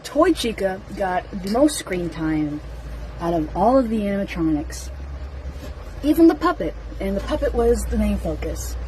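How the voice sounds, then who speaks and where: A young adult woman talking casually as a fan vlogger, rambling and excitable, with lots of fillers and giggles. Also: mid-range voice, normal speed, slight background noise, rough recording. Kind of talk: casual rambling first-impressions talk.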